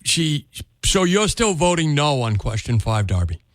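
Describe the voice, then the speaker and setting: A man's voice: fairly high pitch, sing-song, measured pace, no echo. A man hosting a call-in radio talk show, chatting casually and often restarting words. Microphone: studio microphone.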